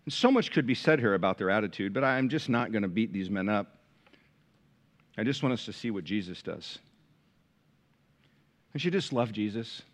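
A male pastor preaching a sermon to a large church, swinging from loud emphatic peaks to quiet, hushed lines. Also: on the low side, expressive, moderate pace, long pauses. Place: large church with balcony, live congregation.

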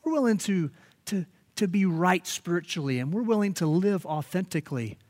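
A man preaching a sermon as pastor, animated and emphatic, often restarting his phrases. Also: sits high, moderate pace.

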